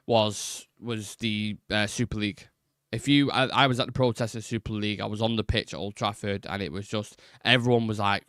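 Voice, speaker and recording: A man's voice: medium pitch, fairly bright tone, clean tone, no echo, clean studio sound. A man hosting a live football fan stream, chatting casually and bluntly, swearing freely and restarting his sentences as he rambles. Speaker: football fan channel host.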